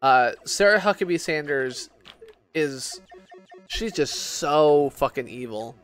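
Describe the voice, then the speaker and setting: Tipsy male streamer, talkative and profane, voice pitched a bit high. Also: expressive, slow pace, fairly bright tone, clear, resonant tone, faint music behind. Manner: rambling, swearing, many restarts and fillers. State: drunk. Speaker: game streamer. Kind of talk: casual rambling chat while gaming.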